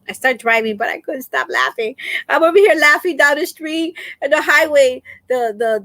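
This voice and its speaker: A middle-aged woman telling a story to her viewers, lively and quick to laugh, often repeating words as she goes. Her voice sits a little high. The sound is close and dry, with no room echo. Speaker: crafting channel host.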